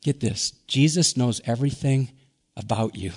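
A middle-aged pastor from Wisconsin preaching a sermon, earnest, often sinking to a hushed soft emphasis. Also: male voice, mid-range voice, moderate pace, husky. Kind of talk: Easter sermon.

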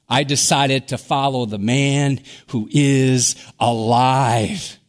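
A middle-aged pastor from Wisconsin preaching a sermon, earnest, often sinking to a hushed soft emphasis. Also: male voice, medium pitch, fairly even intonation, slow, few pauses. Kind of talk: Easter sermon.

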